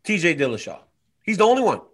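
A man's voice: high voice, wildly swooping pitch, fast talker, fairly bright tone, slightly rough. A man co-hosting a casual sports chat, emphatic in his opinions and playfully mocking himself and his co-host.

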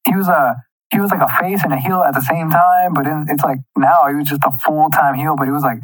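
A man's voice: fairly high pitch, fairly even intonation, a little fast, no echo, poor audio. Profane, ranting young man. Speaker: podcast co-host. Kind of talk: casual chat.

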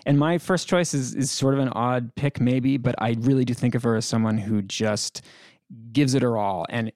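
A man's voice: medium pitch, normal speed, darkish tone, no echo, clean studio sound. A man talking as a podcast guest in a casual film discussion, enthusiastic and chatty, laughing often.

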